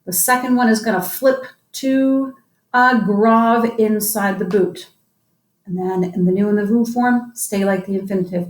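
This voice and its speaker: A woman's voice: on the high side, steady tone, measured pace, roomy sound, rough recording. A woman teaching French grammar to a class, upbeat and coaxing, drilling students with call-and-response prompts.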